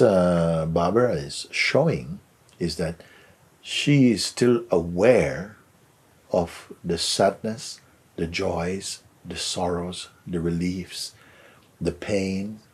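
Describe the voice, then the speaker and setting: A man giving a soft, unhurried spiritual talk as a teacher answering a question. He often trails into a whisper and gently repeats words for emphasis. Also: low voice, husky.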